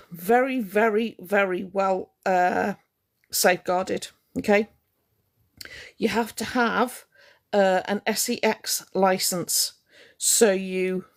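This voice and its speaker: A woman livestreaming, bluntly cross and sarcastic as she reads and answers her chat. Her voice is mid-pitched with a gravelly, creaky edge. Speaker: livestream host. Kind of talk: ranting livestream talking to chat.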